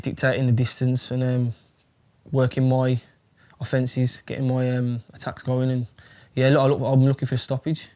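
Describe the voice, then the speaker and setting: A young English man, a fighter, chats casually in an interview, rambling with lots of fillers and swearing. His voice is mid-range and a little mellow.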